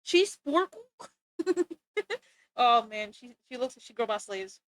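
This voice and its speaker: A woman's voice: fairly high pitch, expressive, a little slow, dry recording. A woman chatting casually to her viewers while streaming art, bubbly and laughing often. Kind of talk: casual livestream chat.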